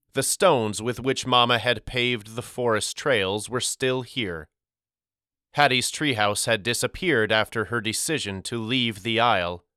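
A man narrating a first-person storybook audiobook in a measured, unhurried way. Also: mid-range voice, bright, forceful tone, smooth, dry recording, studio quality.

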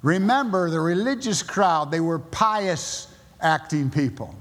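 A male pastor with a Southern US accent, preaching a sermon and driving his points home with emphatic high bursts. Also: lively intonation, unhurried, a bit bright. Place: church sanctuary. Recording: long church reverb.

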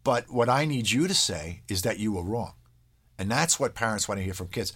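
This parenting expert's lowish voice is husky, fairly bright, and expressive, and he talks briskly while explaining in an interview. Conversational throughout, he asks "all right?" to check in and briefly acts out lines from kids and parents.

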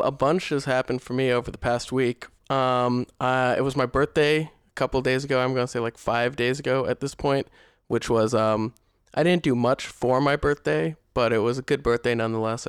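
A young man co-hosting a casual podcast, talking in a smooth, resonant voice that sits in a middle register. He rambles easily, full of fillers and restarts. The sound is close and dry. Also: medium pitch, fairly even intonation, normal speed, no echo. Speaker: podcast co-host. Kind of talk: casual chat.

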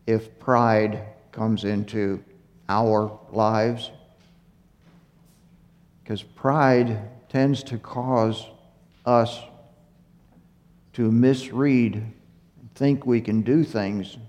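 A man giving a Bible teaching, speaking slowly and haltingly with fillers and self-corrections, a little out of breath. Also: medium pitch, a little mellow. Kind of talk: unhurried Torah teaching. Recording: muffled recording in a reverberant hall.

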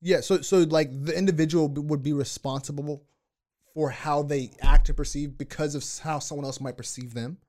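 Easygoing young man, halting podcast talk. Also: fairly high pitch, steady tone, a little mellow. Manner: hesitant, restarts often, asks for clarification; laughs while telling stories. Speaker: podcast co-host. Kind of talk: casual discussion.

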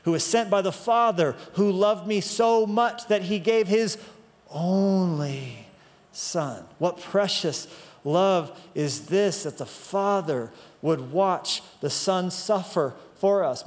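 A man's voice: sits high, slow, in a large hall. A man preaching a sermon as pastor, emphatic, stretching out key phrases for weight.

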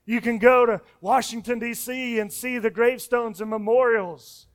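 A man preaching a sermon as pastor, emphatic, with repeated words and sudden soft hushed endings. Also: extremely high pitch, steady tone, moderate pace. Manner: emphatic preaching, drops to soft hush on key phrases; repeats words and restarts when speeding up.

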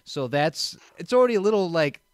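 A man's voice: fairly high pitch, lively intonation, a little fast, clear, resonant tone, no echo, clean studio sound. Rambling young man telling a story. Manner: rambling, many fillers and restarts, acts out quotes. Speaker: storyteller guest. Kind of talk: casual storytelling.

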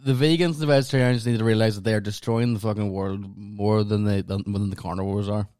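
A Northern Irish man talks bluntly in a low voice, cursing often as a podcast co-host. The sound is dry and close, with no room around him. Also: fairly even intonation, a little mellow, clear, resonant tone, no echo. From Northern Ireland. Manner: blunt, heavy swearing, quick laughs. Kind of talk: casual chat.

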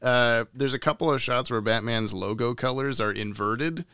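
A man's voice: medium pitch, moderate pace, bright, forceful tone, smooth, no room sound. A young man co-hosting a podcast, chatting casually and laughing often. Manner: laughs often, tries funny voices. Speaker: podcast co-host. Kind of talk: casual chat.

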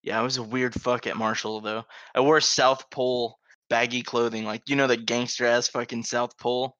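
A man with a mid-range voice speaks at normal speed in a level tone that sounds pushed and bright. Co-hosting a podcast, he tells a profane school story in a laid-back manner, laughing throughout, and the recording is dry and slightly dull.

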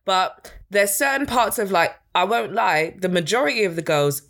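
A woman's voice: medium pitch, expressive, normal speed, fairly bright tone. A young woman hosting a podcast, chatting and gossiping with a friend, giggling often. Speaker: podcast host. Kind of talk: casual chat.

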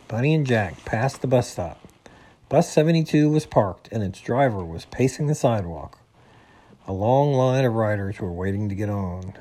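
A man narrating a children's storybook aloud in a slow, expressive way. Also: mid-range voice.

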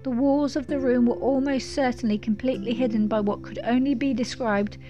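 A woman narrating a storybook in a measured, descriptive way. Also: on the high side, steady tone, muffled recording, music in the background.

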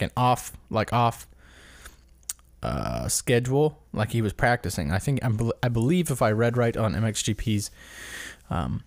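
A man's voice: fairly low pitch, darkish tone, dry recording. A man hosting a casual solo commentary episode, rambling and correcting himself as he stumbles over names. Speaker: podcast host.

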